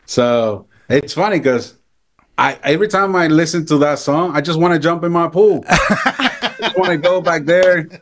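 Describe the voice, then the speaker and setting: A man's voice: fairly high pitch, moderate pace, fairly bright tone, slight background noise. A man from Puerto Rico, a guest drummer, chatting playfully and laughing on a video call from his music room. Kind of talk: casual interview on video call.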